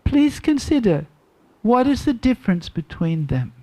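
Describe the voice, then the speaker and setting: A woman's voice: a little high, sing-song, dark tone. A woman doing a pleading little boy. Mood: pleading, arguing. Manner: pleading, arguing in quick rising questions.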